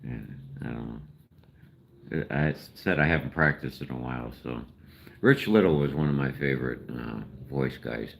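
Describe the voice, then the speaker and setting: Very deep, gravelly older man coaxing. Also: expressive, moderate pace, a little hiss or hum. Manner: coaxing, self-deprecating, chuckling. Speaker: livestream host feeding raccoons. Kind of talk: casual livestream chat.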